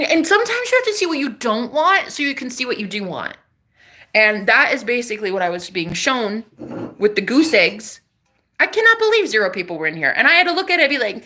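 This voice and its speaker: A woman's voice: medium pitch, fairly bright tone. A woman content creator talking straight to camera in a casual vlog monologue, candid and emphatic, with plenty of swearing. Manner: candid, profane, emphatic self-talk.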